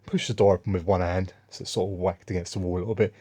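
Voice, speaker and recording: Un hombre con acento inglés que cuenta historias en un vlog, de forma dispersa y con tono de agravio. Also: male voice, deep voice, steady tone, very fast, mellow, husky. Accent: English. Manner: rambling, aggrieved, restarts often. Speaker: vlogger. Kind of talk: casual spoken monologue, storytelling.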